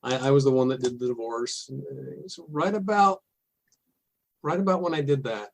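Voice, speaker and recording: A middle-aged man, a podcast guest, telling a candid personal story in a halting, earnest way with soft laughs. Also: medium pitch.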